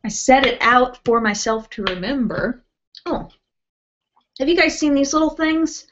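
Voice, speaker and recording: A woman's voice: high voice, expressive, measured pace, very noisy. A woman hosting a casual beauty live stream from home, chatting and reading out viewer comments with lots of ums and little laughs. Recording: dull lo-fi webcast audio.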